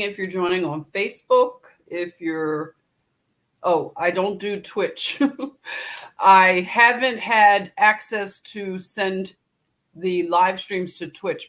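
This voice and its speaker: A woman's voice: mid-range voice, a bit bright. A woman hosting a live stream, chatting casually and greeting viewers by name with easy laughs.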